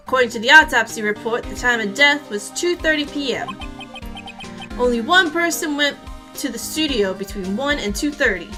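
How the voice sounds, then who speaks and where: A woman voicing a gruff, loyal male police detective in a put-on Southern accent, loud and blustering. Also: high-pitched. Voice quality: loud, blustering, says pal.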